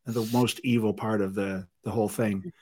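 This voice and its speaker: A man hosting a podcast interview, musing aloud in a casual, halting way and often correcting himself. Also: on the low side, steady tone, dark tone. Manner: musing, halting, many fillers and self-corrections. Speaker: podcast host.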